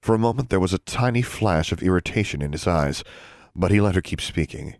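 A man reading a novel aloud as narrator, in an even, unhurried storytelling manner. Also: low voice, dry recording, studio quality. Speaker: audiobook narrator. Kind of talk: scripted narration.

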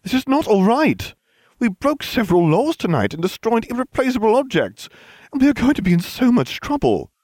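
A man voicing a frantic, studious teenage girl witch, high-pitched and scolding. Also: wildly swooping pitch, a little fast, no echo.

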